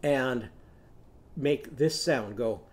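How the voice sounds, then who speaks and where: A man's voice: medium pitch, drawn-out words. A man teaching a children's phonics lesson, telling a short story and leading simple songs for young learners to repeat. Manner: animated, coaxing, sings lines for children to echo.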